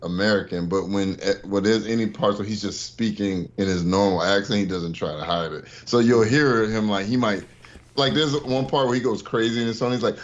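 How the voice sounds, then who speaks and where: A man's voice: fairly low pitch, brisk, muffled recording. A man chatting casually on a podcast, rambling with lots of fillers and restarts. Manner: rambling, many fillers and restarts, laughs while telling stories. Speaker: podcast guest. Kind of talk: casual chat.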